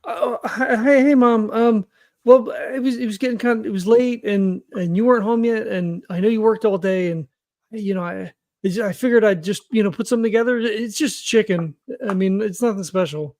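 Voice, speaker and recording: A man's voice: high-pitched, normal speed, a little mellow, voice pushed up. Man playing a stammering nervous young guy. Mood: flustered. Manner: stammering, flustered.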